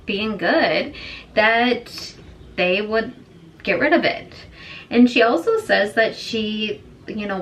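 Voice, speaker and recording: A woman's voice: mid-range voice, a bit bright. A young woman chatting casually while doing her makeup, retelling a story and acting out the quoted lines. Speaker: beauty vlogger. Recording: slightly distant with faint room noise.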